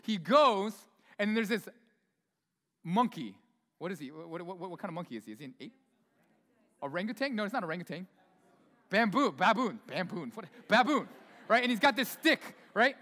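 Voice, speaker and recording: Male pastor with a high voice, loose and chatty preaching, long church reverb. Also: sing-song, normal speed, pauses often, bright, forceful tone. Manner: casual, chatty preaching with many asides. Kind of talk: sermon. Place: church sanctuary.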